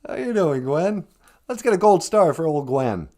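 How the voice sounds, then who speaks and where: A man's voice: fairly high pitch, very animated, moderate pace, warm tone. A man hosting a podcast in casual, jokey chat, teasing his co-host and greeting listeners. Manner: jokey, teasing, calls people sweetie.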